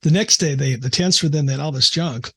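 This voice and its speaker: A man's voice: fairly high pitch, brisk, creaky, bright, forceful tone, husky. A middle-aged man from the American Midwest, a psychiatrist guest, telling an earnest, emotional story in a casual interview with frequent restarts.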